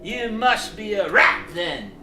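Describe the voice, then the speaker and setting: A narrator voicing a snarky, argumentative male creature lurking under a bridge in a storybook reading, with rough, ungrammatical talk. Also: medium pitch, sing-song, takes it slowly, echoey room, over music, pitched above the performer's own voice.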